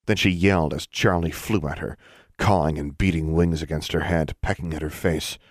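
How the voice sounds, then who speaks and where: A man narrating a fantasy audiobook in a steady storytelling manner. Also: rumbling low, moderate pace, no echo, studio quality.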